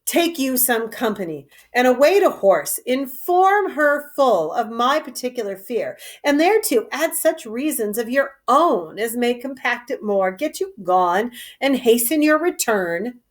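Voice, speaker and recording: A woman's voice: a little high, big pitch swings, a little slow, hardly any pauses. A woman reading aloud as a scheming royal daughter, giving clipped orders. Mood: cold. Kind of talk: solo reading of a play.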